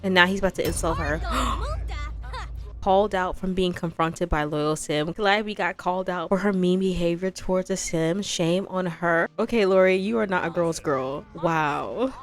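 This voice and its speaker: A woman's voice: on the low side, normal speed, few pauses, faint music behind. A woman giving chatty, sassy commentary over a game playthrough, with dramatic asides to the viewers. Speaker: gaming video creator.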